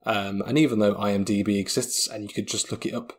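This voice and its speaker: Husky low-voiced podcast host. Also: male voice, fast. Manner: excitable, rambling, comic hyperbole. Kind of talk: comedic film review podcast.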